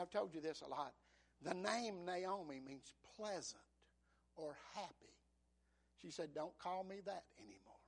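A middle-aged male pastor preaching a sermon, swinging from hushed whispers to loud, dramatic peaks. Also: sits high.

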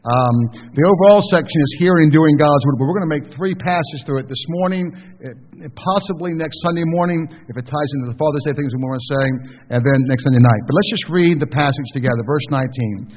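A man's voice: on the high side, fast talker, few pauses. A man preaching a sermon to his congregation, conversational and full of questions to the listeners. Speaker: pastor. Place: church sanctuary. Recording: tinny distant recording with long hall reverb.

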